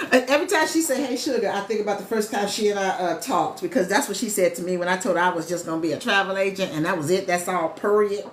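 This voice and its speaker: A woman chatting casually to viewers on a live stream as a travel agent host, animated and talkative. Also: mid-range voice, fast, few pauses. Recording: echoey room with faint ambient noise.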